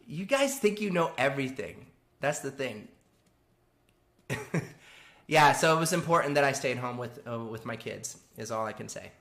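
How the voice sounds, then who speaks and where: A man's voice: medium pitch, animated, moderate pace, long pauses, fairly bright tone. Chatty man streaming live from home. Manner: chatty and rambling, laughs often while reading out chat. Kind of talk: casual live-stream chat.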